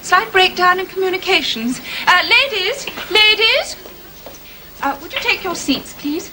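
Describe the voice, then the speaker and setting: A woman's voice: very high-pitched, big pitch swings, a little slow, full character voice. An actress playing a British woman consul general, gracious on the surface and archly sarcastic, in a 1980s TV sitcom. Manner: brightly gracious, arch, sarcastically polite. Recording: noisy old TV recording.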